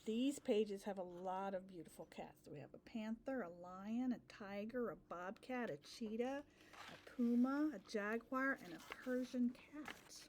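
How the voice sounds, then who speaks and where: A woman speech teacher reading a picture book aloud to children, slow and deliberate, stressing target sounds. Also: mid-range voice, a little mellow, slight background noise.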